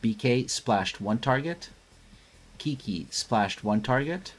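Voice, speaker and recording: A man's voice: medium pitch, animated, slow, soft background music. A man hosting a live stream, calling a competitive match in a casual, joking way. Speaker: host.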